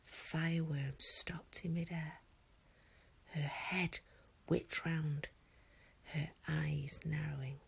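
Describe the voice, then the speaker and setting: A woman teacher reading a children's storybook aloud in a hushed, half-whispered way. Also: deep voice, steady tone, slow pace, gravelly, pauses often, husky. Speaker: primary school teacher.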